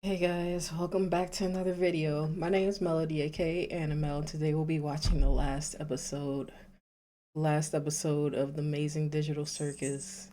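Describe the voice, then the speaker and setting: A woman's voice: low-pitched, little pitch movement, moderate pace, warm tone, slight background noise. A woman hosting a reaction video, chatting casually and rambling, with frequent nervous laughs and false starts. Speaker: YouTube reaction host.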